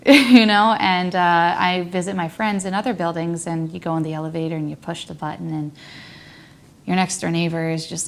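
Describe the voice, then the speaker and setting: A woman's voice: on the low side, steady tone, a little slow. A young woman talking reflectively in a rambling personal monologue, often saying "like" and dropping to a near whisper. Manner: rambling, frequent "like", laughs, drops to near whisper.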